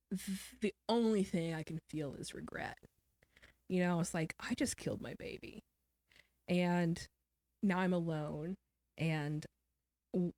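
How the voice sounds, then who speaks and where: A woman's voice: on the low side, a little mellow, no echo. A woman guest author telling a personal story in an interview, candid and somber, often quoting what others said.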